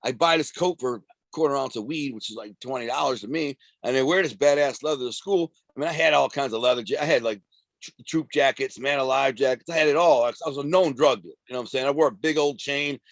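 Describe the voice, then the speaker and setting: A man of around fifty from Detroit, telling rough street stories as a podcast guest in a streetwise, profane, rambling way. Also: medium pitch, fast talker, no echo. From Detroit, USA. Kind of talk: casual storytelling interview.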